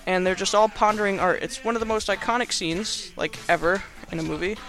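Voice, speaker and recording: Young dude rambling thru a movie recap, high bright voice, lots of um and like. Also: male voice, a little fast, soft background music. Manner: rambling, filler-heavy, playfully sarcastic. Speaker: podcast host.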